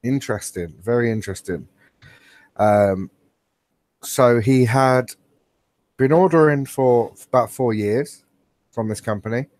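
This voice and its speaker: A medium-pitched, slightly mellow voice belongs to a podcast co-host calling in online from home, speaking at a measured pace with long pauses. He jokes, laughs frequently and meanders through stories in casual chat, with no room sound.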